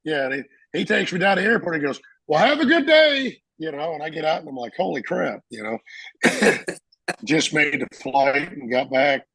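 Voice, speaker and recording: Man, Marine veteran, husky voice, fairly high, animated storyteller, dry close sound. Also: normal speed, no room sound, rough recording. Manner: animated storyteller, acts out voices, laughs often. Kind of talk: casual storytelling interview.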